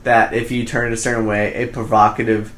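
A man in casual podcast chat, retelling a movie plot in quick bursts and acting out the characters' lines. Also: on the low side, little pitch movement, fairly bright tone. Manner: rambling retelling, quick bursts, acts out quotes. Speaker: podcast co-host. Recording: roomy echo.

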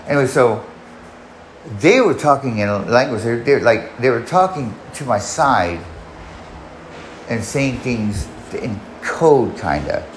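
A man's voice: medium pitch, lively intonation, slow pace, reverberant, a little hiss or hum, rough recording. A man casually telling a personal story in a rambling way, restarting often and swearing. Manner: rambling, frequent restarts and profanity.

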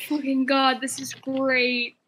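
A woman player in a tabletop role-play session, excitable and laughing, swearing freely. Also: sits high, takes it slowly, background noise.

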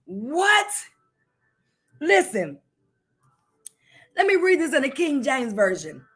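A middle-aged woman minister preaches in a high, bright voice. She talks in a chatty, animated way, laughs a lot, and jumps between loud bursts and quiet asides. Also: slow pace, pauses often. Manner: lively and chatty, laughs often, shifts between loud and hushed. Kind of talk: sermon.

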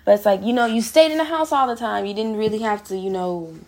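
A young woman hosts a podcast in a loose, frank monologue. Her voice carries a slight fry at the edges. She swears freely and keeps calling her listeners girl, baby and honey. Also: medium pitch, fast, darkish tone, slight background noise. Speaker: podcast host. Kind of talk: casual motivational monologue.

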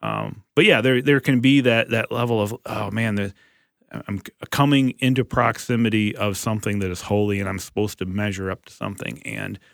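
A pastor in casual podcast conversation, speaking earnestly and haltingly with frequent restarts. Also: male voice, on the low side, fairly even intonation, vocal fry, no room sound, clean studio sound.

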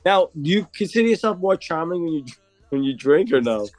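Higher-voiced man teasing with questions. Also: very animated, a little fast, a little mellow, no echo, soft background music. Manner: teasing, asks playful questions. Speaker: podcast co-host. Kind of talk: casual chat.

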